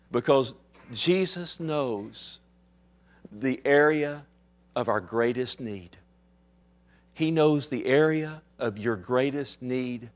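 A pastor preaches to his congregation in a medium-pitched voice, full of impassioned emphasis and rhetorical questions. He swings between loud declarations and hushed intensity.

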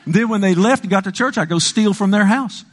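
An older man preaching a sermon, repeating phrases and swinging between hushed, slow passages and loud, emphatic ones. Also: high voice, slight background noise.

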